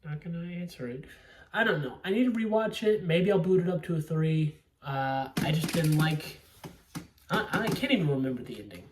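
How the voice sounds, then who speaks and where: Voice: mid-range voice, lively intonation, normal speed, recorded from a distance, slight background noise. A young adult movie reviewer chatting casually, rambling, swearing freely and laughing often. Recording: roomy sound, away from the mic.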